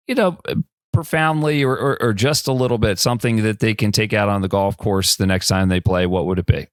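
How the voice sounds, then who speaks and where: A male interview host with a lowish voice, chatting in an easygoing way. The recording is dry, with no room sound around him. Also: no room sound. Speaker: podcast host. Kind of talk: casual interview chat.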